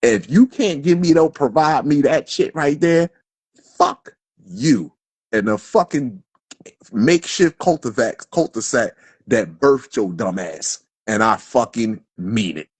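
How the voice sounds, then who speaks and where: A man with a rough, husky voice, talking into his phone on a live stream. He preaches in a heated, profane rant, swearing constantly, at a middle pitch. The sound is dry and close. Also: expressive, takes it slowly, no room sound. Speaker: livestream speaker.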